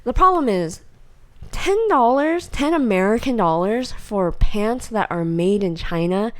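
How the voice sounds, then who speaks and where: A young woman co-hosting a podcast, telling a story in a casual chat with lots of laughter and lively acted-out quotes. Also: mid-range voice, measured pace. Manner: animated storyteller, acts out voices, laughs often. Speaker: podcast co-host.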